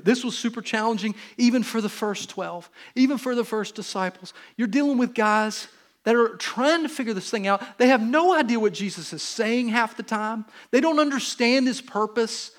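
This male pastor with a Southern US accent preaches in a conversational, joking style, acting out little quotes along the way. His voice is very high-pitched and moves at a normal speed.

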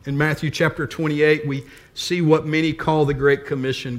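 Older man, pastor, sermon, earnest, emphatic repetition, fairly high voice. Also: level tone, moderate pace, hardly any pauses.

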